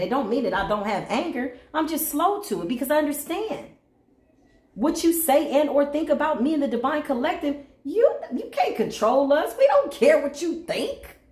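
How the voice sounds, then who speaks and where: A woman's voice: sits high, darkish tone. A woman giving a spiritual reading to camera in a casual, sassy, confrontational and preachy way. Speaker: spiritual reader. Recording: roomy echo.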